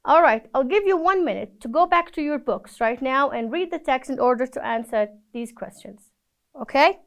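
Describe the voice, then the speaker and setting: Woman, English teacher, high smooth voice, patient and encouraging with students. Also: expressive, normal speed. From Palestine. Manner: patient, encouraging, gives praise after each answer. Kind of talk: recorded classroom lesson.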